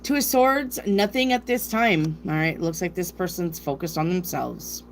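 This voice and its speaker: A woman with a lowish, animated voice speaks at normal speed, with a little hiss or hum in the audio. She's a tarot reader from South Dakota with a northern US accent, chatty and rambling on a live stream as she reads out questions from viewers.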